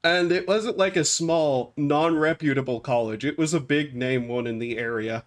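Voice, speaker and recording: A young man streaming a game, telling a rambling story with frequent laughs and flat acted-out quotes. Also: fairly high pitch, moderate pace. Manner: rambling, laughs often, acts out quotes flatly. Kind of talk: casual storytelling while gaming.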